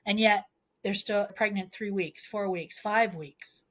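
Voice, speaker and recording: A woman with a mid-range pitch speaking as a midwife guest on a podcast. She explains earnestly, leans on everyday analogies and presses her advice home with emphatic pleas. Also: a little slow, a bit bright.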